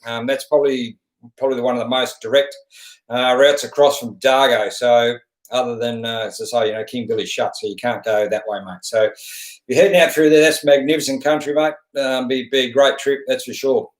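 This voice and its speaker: A man's voice: mid-range voice, steady tone, brisk, reverberant, poor audio. A middle-aged Australian man hosting a casual live stream, chatting in a laid-back, rambling way and calling everyone mate. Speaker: host of a live stream answering viewers.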